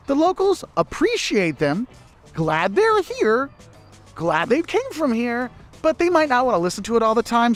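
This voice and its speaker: A man from the United States giving casual travel advice to camera outdoors in a city, chatty, often repeating words and slipping into quick mimicked asides. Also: high voice. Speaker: travel vlogger.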